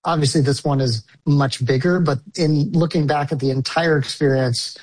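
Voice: medium pitch, normal speed, a little mellow, rough recording. Thoughtful filmmaker in an interview. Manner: thoughtful, searching for words with restarts. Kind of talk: interview answers.

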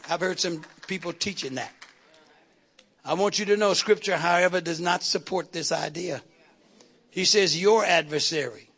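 A man's voice: high-pitched, gravelly, bright, forceful tone. A man preaching a fiery sermon, calling out to the congregation and repeating words for emphasis.

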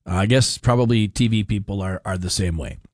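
A man's voice: lowish voice, brisk, a little mellow, no room sound. A man hosting a talk radio show, rambling wryly through the news with frequent chuckles, into a studio microphone. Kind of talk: casual talk radio commentary.

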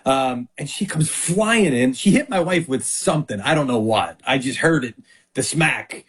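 A man who is a guest on a sports show, telling animated stories in casual chat and acting out quotes. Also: medium pitch, normal speed, breathy edge. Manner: animated storyteller, acts out quotes.

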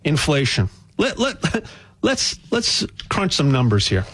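A man giving a rambling, jokey sales pitch for buying gold, full of restarts and repeated words. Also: slow pace, breathy edge. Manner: animated, repetitive restarts, jokey asides. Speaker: gold dealer spokesman.

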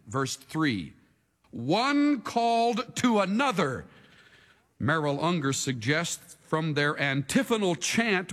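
A male pastor preaching a sermon, swinging between hushed asides and shouts, leading the congregation in a call-and-response. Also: high-pitched, long reverb tail.

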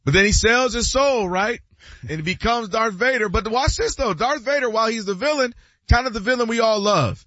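A man's voice: very high voice, fairly quick, pushed and bright, no echo, lo-fi sound. A man hosting a sports talk show, arguing emphatically and acting out quotes in different voices. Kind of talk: animated sports debate.

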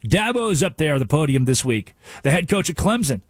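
A male sports radio host delivering an animated, sarcastic rant from a studio. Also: fairly high pitch, a little fast, slightly rough, no room sound. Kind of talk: sports talk radio monologue.

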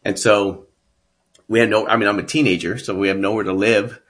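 A man's voice: fairly low pitch, steady tone, fairly quick, a bit bright. A man from Texas telling his life story as a guest, earnest and emphatic. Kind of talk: personal storytelling.

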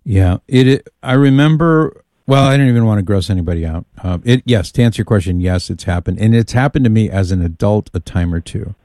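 Mellow-voiced male radio host. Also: lowish voice, expressive, brisk, few pauses, dry recording, studio quality. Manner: jovial, playful banter. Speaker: radio talk show host. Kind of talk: casual call-in radio chat.

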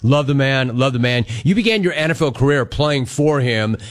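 Enthusiastic sports talk host. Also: male voice, medium pitch, lively intonation, moderate pace. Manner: enthusiastic, emphatic.

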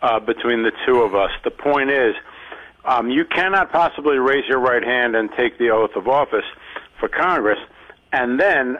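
Measured male co-host on a dull line. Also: mid-range voice. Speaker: radio co-host. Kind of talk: talk radio chat.

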